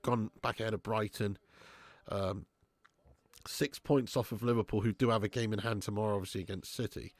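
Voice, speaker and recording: A man's voice: lowish voice, steady tone, a little fast, dry recording. A man hosting a casual live watch-along stream, bantering with chat, reading out super chats and swearing freely.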